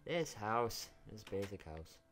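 A man's voice: lowish voice, sing-song, slow, a bit bright, a little hiss or hum. A young man giving casual, rambling commentary while playing a video game, swearing freely and talking to the characters on screen. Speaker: gaming YouTuber.

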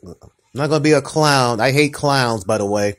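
A man's voice: mid-range voice, a bit bright. Tired, upset man ranting on a vlog. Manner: halting and repetitive, frequent restarts and fillers. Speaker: vlogger. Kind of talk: casual mukbang vlog talk.

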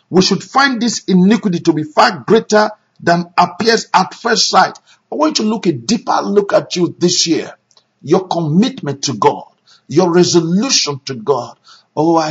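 A male pastor preaching a sermon, animated, with sudden shouts and hushed asides. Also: high voice, normal speed, husky, muffled recording.

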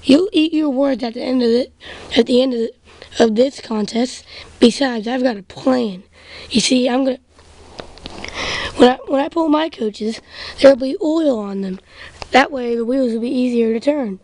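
A woman's voice: sits high, moderate pace, pauses often, darkish tone. A woman voicing a boastful, proud male steam engine who brags and blusters. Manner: bragging, blustering.

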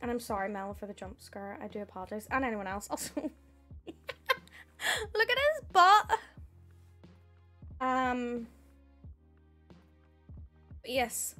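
Young Northern Irish woman, high voice, friendly live-stream chatter; faint music under her. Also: steady tone, normal speed, pauses often, fairly bright tone. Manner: chatty, thanks viewers by name, says "heck". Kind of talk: casual live-stream chat.

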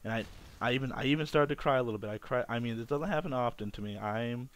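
A man's voice: mid-range voice, a little hiss or hum. Young man telling a rambling personal story. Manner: rambling, repeats and restarts phrases; candid and self-mocking. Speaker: vlogger.

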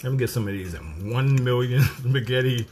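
A man's voice: medium pitch, lively intonation, moderate pace, a little mellow, a little hiss or hum. Playful, teasing middle-aged man. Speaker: cooking show host. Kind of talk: casual chat while tasting food.

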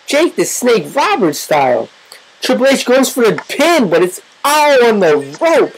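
A woman giving excitable, profane, joking play-by-play commentary over a wrestling video game. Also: on the high side, a little slow, slight background noise, rough recording.

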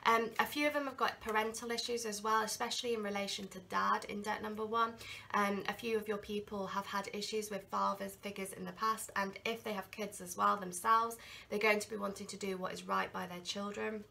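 A woman's voice: mid-range voice, fairly even intonation, a little fast, creaky, bright, forceful tone. A woman with a cold giving a rambling, earnest tarot reading with many ums and restarts. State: has a cold. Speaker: tarot reader.

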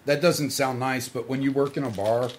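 A man's voice: medium pitch, fairly even intonation, moderate pace, a little hiss or hum. A middle-aged man telling crude, swaggering stories in casual podcast talk, acting out the quotes and laughing along. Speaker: podcast guest storyteller.

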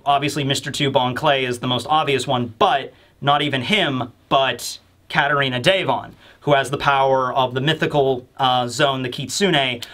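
A man's voice: mid-range voice, fairly bright tone. A man hosting a casual manga chapter review, rambling and chatty with many fillers.

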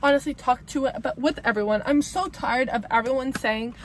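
A woman's voice: sits high, fairly quick, hardly any pauses, a little hiss or hum. A young adult woman giving breakup advice in a casual monologue, blunt, emphatic and profane, repeating herself for emphasis.

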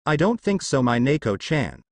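A man's voice: mid-range voice, big pitch swings, normal speed, no room sound. A man doing a cold, growling young ninja. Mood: cold menace.

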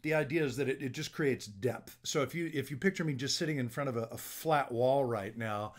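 A middle-aged man, a business coach, giving casual video-making tips to camera in a relaxed, conversational way, with frequent restarts, recorded on a small plug-in phone mic in a home office. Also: mid-range voice, fairly quick. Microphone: small plug-in phone microphone.

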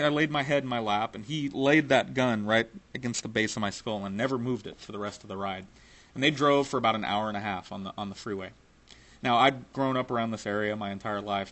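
A man's voice: lowish voice, fairly bright tone. A man telling a personal story in a casual, profane way, laughing now and then.

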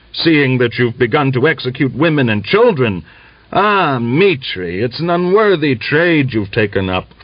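A man's voice: a little high, no room sound, voice pushed up. A man playing a stern, lame old Cossack father who speaks firmly and resolutely, with angry outbursts. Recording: dull lo-fi dry recording.

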